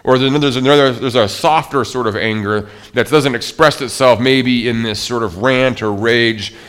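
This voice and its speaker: A man's voice: medium pitch, normal speed, a bit bright, smooth. A male pastor preaching a sermon in a conversational way, often restarting his sentences. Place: church.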